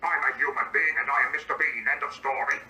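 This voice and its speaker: AI male voice as Mr. Bean: indignant, prim, narrates his own actions, slightly high. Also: steady tone, quick pace, pushed and bright, roomy sound, recorded from a distance, soft background music, low-quality recording. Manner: reads his own stage directions aloud, indignant. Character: Mr. Bean, fussy indignant grown man. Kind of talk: AI voice improv role-play.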